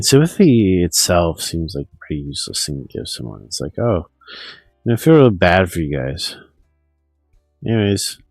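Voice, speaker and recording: A man's voice: low voice, darkish tone, husky, no echo, low-quality recording. A man streaming a profane, meandering rant full of restarts. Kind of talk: rambling monologue.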